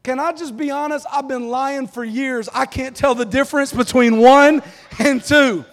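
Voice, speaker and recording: A man preaching a live sermon to a congregation, lively and joking in a casual, down-to-earth way. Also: very high-pitched, measured pace. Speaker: pastor. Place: church auditorium. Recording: long reverb of a large hall.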